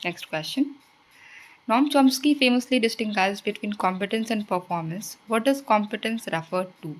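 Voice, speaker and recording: A woman's voice: medium pitch, moderate pace, low-quality recording. A woman, teaching exam prep by reading quiz questions and explaining the answers. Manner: reads out questions then explains answers, switching into Hindi asides.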